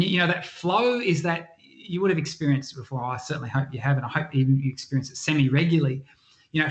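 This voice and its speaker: A man giving a motivational health talk, telling stories and acting out the voices of people in them. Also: fairly high pitch. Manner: animated storyteller, acts out quoted voices. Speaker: health speaker. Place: church health event.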